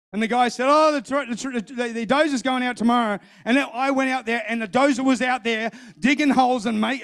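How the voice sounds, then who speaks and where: A middle-aged man preaching a sermon, telling a personal story in an animated way, acting out what others said and repeating phrases. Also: extremely high pitch, vocal fry.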